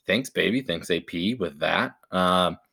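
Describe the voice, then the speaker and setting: A man's voice: sits low, expressive, unhurried, vocal fry, background noise. A man hosting a casual sports chat podcast, laid-back and joking. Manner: laid-back, joking, calls cohost baby. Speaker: podcast host.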